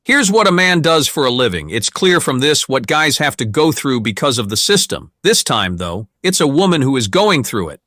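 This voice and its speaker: A man's voice: mid-range voice, big pitch swings, normal speed, hardly any pauses, pushed and bright, dry recording, clean studio sound. A man giving emphatic reaction commentary.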